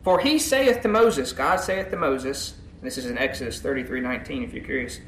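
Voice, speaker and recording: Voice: mid-range voice, brisk, hardly any pauses, a bit bright. A preacher giving an emphatic sermon, often checking in with the congregation. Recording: echoey room, faint background noise.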